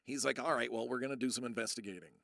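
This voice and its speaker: A gravelly, bright-toned man in his thirties tells a long personal story to his live chat. He rambles, restarts his sentences and drops his voice low when quoting others. The sound is dry and close. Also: very fast, dry recording. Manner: rambling, self-interrupting, acts out quotes in a low voice. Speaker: streamer.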